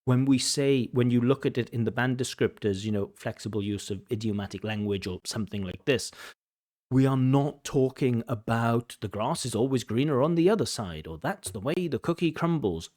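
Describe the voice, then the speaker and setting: Guy breaking down a speaking test, slows down to hammer his points home. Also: mid-range voice, a little mellow. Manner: emphatic, repeats for stress, slows down to make points. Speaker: IELTS examiner and teacher. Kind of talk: explanatory commentary on a speaking test.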